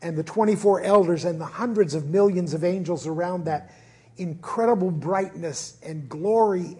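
Pastor, man, earnest informal sermon talk, often restarting, high husky voice. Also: dark tone. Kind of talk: conversational sermon. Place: church service.

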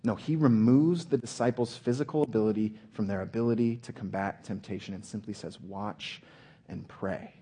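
A man preaching a sermon, earnest, often slowing and dropping to a hush for emphasis. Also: fairly low pitch, fairly even intonation, husky.

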